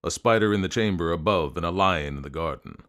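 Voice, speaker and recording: A man's voice: deep voice, brisk, fairly bright tone. Man doing a blunt barbarian thief. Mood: grim. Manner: blunt, muttering.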